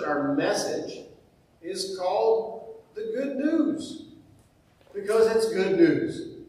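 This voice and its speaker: A man preaching a sermon as pastor, in a conversational way that repeats key phrases for emphasis. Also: high-pitched. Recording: very echoey church, mic far off.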